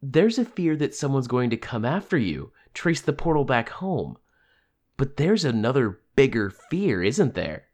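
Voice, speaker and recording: A man reading an audiobook, voicing a brash, sharp-tongued young woman schemer who talks bluntly and mocks others. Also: medium pitch, big pitch swings, voice pushed up. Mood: probing. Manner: blunt, mocking, fast-thinking.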